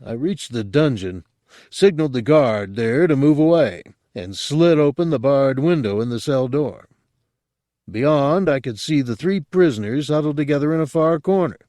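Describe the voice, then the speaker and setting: A man narrating an audiobook in a gruff first-person storytelling manner. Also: mid-range voice, warm tone, no room sound, studio quality.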